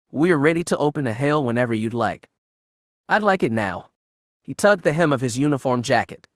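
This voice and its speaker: A man's voice: medium pitch, no echo, clean studio sound. A man reading a science-fiction audiobook aloud, shading his voice a little for each character. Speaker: audiobook narrator. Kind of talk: scripted audiobook narration.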